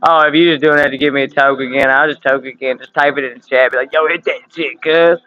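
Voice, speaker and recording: A man's voice: medium pitch, fairly even intonation, fast, sharp tone, dry recording, highs cut off. A man in his thirties hosting a casual livestream from home, swearing and laughing through loose banter. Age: 30s. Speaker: livestream host. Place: home room with window air conditioner.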